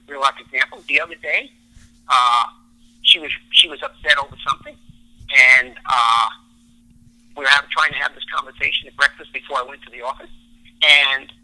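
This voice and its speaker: Man with a very bright, higher voice. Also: lively intonation, a little fast, poor audio. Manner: explains science with everyday stories. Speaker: podcast guest, relationship expert. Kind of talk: podcast interview.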